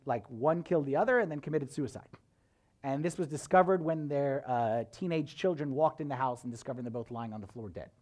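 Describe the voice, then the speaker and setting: A man, a priest, preaching a sermon as a conversational, animated story full of casual fillers. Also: a little high.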